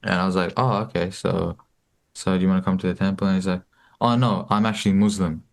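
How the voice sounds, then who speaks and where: A man's voice: sits low, fairly even intonation, fast, creaky. A young man in his late teens telling a personal story casually, with many fillers and restarts. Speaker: guest, book distributor.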